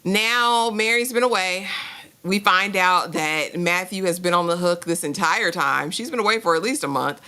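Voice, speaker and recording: A woman co-hosting a TV review show, recapping the plot in relaxed casual chat and asking her co-host questions. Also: fairly low pitch, normal speed.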